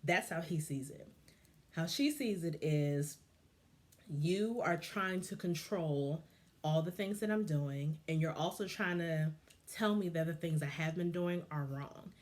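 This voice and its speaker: A woman's voice: low voice, a little slow, a little mellow. A woman vlogger giving casual, impassioned and frustrated commentary on a reality show.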